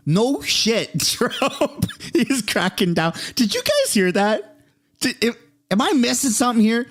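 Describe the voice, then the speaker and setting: Streamer type: excitable man reacting live, lively swooping delivery, exclaims and curses freely. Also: high-pitched, unhurried, breathy edge. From Canada. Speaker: streamer reacting to political clips.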